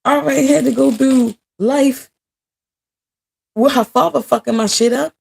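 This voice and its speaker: A woman's voice: sits high, moderate pace, creaky, darkish tone, breathy edge. A woman in her thirties ranting to her viewers in a casual vlog, blunt and heavy on profanity. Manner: blunt, profane, venting angrily. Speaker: vlogger.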